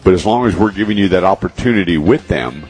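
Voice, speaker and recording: A man's voice: low voice, animated, quick pace, a little mellow, slightly rough, faint music behind. A man hosting a call-in radio car show, telling stories in a rambling, folksy way. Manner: rambling, folksy, repeats words. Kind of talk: casual radio talk, storytelling.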